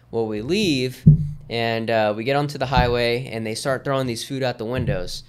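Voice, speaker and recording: Male guest, 30s, smooth resonant voice, relaxed rambling storyteller. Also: mid-range voice, moderate pace. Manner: easygoing, rambling, with many fillers. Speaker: podcast guest. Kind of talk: casual storytelling in conversation.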